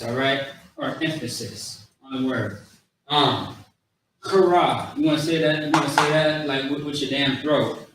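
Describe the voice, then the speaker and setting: A man teaching a language class, slowly drilling words one by one with casual asides. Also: medium pitch, pushed and bright, slight background noise. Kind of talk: classroom lesson. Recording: very echoey room, voice from far off.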